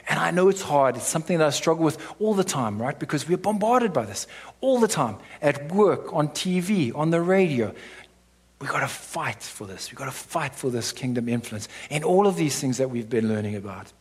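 A man's voice: fairly high pitch, animated, moderate pace, husky. A man preaching a sermon to his church in a conversational way, often checking in with "right?".

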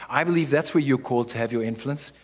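Husky-voiced man preaching casually. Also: mid-range voice, quick pace. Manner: conversational, asks the church "right?" often. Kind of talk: sermon.

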